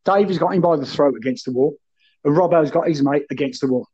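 Husky sweary man telling stories. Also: a little high, fast, mellow, lo-fi sound. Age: 30s then, now older. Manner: boisterous, sweary anecdotes, keeps addressing the host by name. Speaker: guest, former footballer. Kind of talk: casual storytelling chat.

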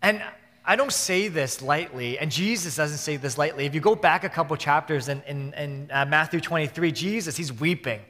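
A male pastor with a fairly high voice delivers an earnest sermon, often doubling back to repeat and restart his phrases. His words ring out with a long reverb, as in a church sanctuary. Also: normal speed, pushed and bright.

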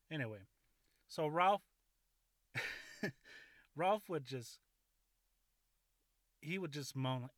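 A man's voice: medium pitch, expressive, moderate pace, long pauses, fairly bright tone, no room sound. A man in his thirties telling a rambling school story in a casual, profane way, often laughing at his own jokes.

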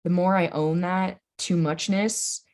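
A young woman talking as a podcast guest in a casual conversation. She is loud, playful and blunt, fills her talk with "like" and swears freely. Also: on the low side, fairly even intonation, measured pace. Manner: chatty, says "like" constantly, swears freely.

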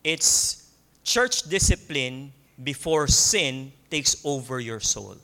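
Slow, emphatic Filipino pastor preaching. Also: male voice, mid-range voice, animated, creaky. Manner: slow, emphatic preaching with repetition and soft laughs. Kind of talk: sermon.

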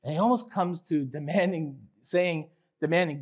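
Pastor guy preaching, high voice, gets loud and passionate then drops soft. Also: normal speed, slightly rough. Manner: impassioned preaching, rising loud when voicing the psalmist; drops low and quiet on reflective points. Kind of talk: sermon.

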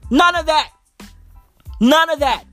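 A woman's voice: high voice, takes it slowly, fairly bright tone, no echo, faint music behind. A woman hosting a podcast, ranting casually in a brash, profane, emphatic way full of slang. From South Africa. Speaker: podcast host. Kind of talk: casual rant.

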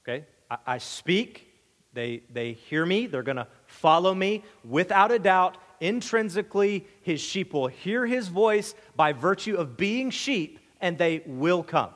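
High-voiced man preaching in a hall. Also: lively intonation, a little slow. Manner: emphatic, conversational preaching with repeated words. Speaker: pastor. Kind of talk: sermon.

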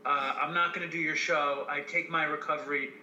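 Bright-voiced storytelling man in echoey room. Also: on the high side, brisk, muffled recording, slight background noise. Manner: profane, storytelling, animated. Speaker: podcast co-host. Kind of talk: casual chat.

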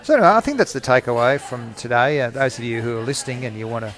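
A man's voice: mid-range voice, lively intonation, racing, fairly bright tone. A man in his forties, hosting a rambling, jokey, self-mocking solo podcast recorded in a cafe. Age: 40s. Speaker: podcast host.

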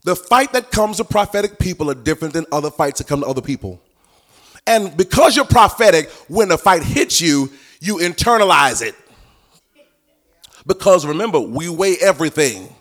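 Animated preacher man, sing-song cadence. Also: on the high side, moderate pace. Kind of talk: sermon.

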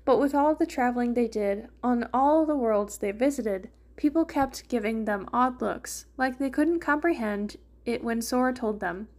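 A woman's voice: a little high, moderate pace, hardly any pauses, darkish tone. A woman reading a fan fiction story aloud, narrating and lightly voicing the characters. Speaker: fanfiction reader.

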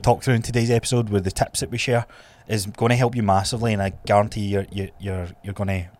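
A Scottish man in his thirties co-hosting a fitness podcast, blunt and animated, swearing freely. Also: on the low side, fast talker. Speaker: podcast co-host and trainer. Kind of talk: casual podcast chat.

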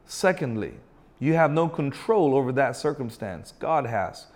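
A man preaching a sermon, emphatic and asking his listeners rhetorical questions, and drawing out key phrases slowly. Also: mid-range voice, very animated. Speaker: pastor.

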